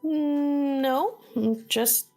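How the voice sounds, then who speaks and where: A woman's voice: high voice, extremely slow, dark tone, soft background music, voice pushed up, heavily acted. Woman doing a serene stone angel birdbath. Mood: placid. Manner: serene, untroubled by chaos. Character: pleasant female stone angel birdbath statue.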